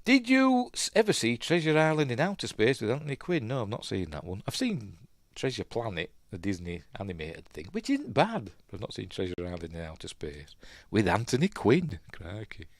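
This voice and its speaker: A man with a Yorkshire accent chats his way through a film as he watches it, rambling and wandering off on tangents. His voice sits on the low side but swings up and down a lot. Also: sing-song, moderate pace, dry recording, studio quality. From Yorkshire, England. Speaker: film reviewer, channel host. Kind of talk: casual rambling commentary while watching a film.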